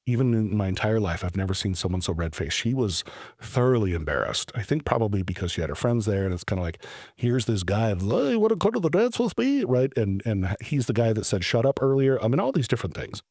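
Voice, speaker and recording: A man in his forties tells a story on his own podcast, and he is open about his own embarrassment. His voice sits fairly low and sounds dry, with almost no room around it. He jumps into his younger self's lines with rising energy and stumbles over his restarts. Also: fast, dry recording. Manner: animated, self-deprecating storyteller who acts out his own past lines; stammering restarts. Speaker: podcast host. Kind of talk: personal storytelling monologue.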